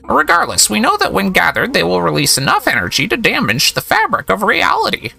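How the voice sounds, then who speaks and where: A man voicing a fussy, scholarly female bird professor, reading game dialogue aloud in a bookish, measured way. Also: high voice, wildly swooping pitch, vocal fry, bright, forceful tone, pitched above the performer's own voice, exaggerated voice.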